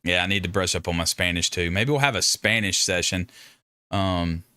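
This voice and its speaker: Male livestream host, lowish voice with a bright edge, rambling and jokey, dry close mic. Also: normal speed, smooth, dry recording. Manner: rambling, joking, self-interrupting. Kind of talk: casual livestream chat with viewers.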